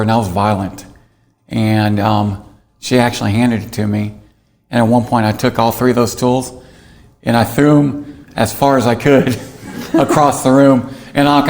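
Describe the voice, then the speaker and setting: A man's voice: medium pitch, vocal fry. A man, a guest telling a candid, self-mocking story and laughing through it. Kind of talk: storytelling interview.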